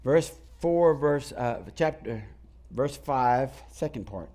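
High-voiced preacher. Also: male voice, sing-song, a little slow, dark tone. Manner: preaching, calls to the congregation. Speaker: pastor. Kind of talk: sermon. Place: church sanctuary.

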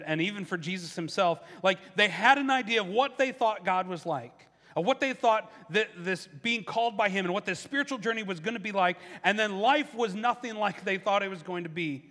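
Preaching in a large hall, this pastor sounds brisk, pushed and bright. He keeps his sermon conversational and voices the questioners he quotes, letting his pitch rise as he acts them out.

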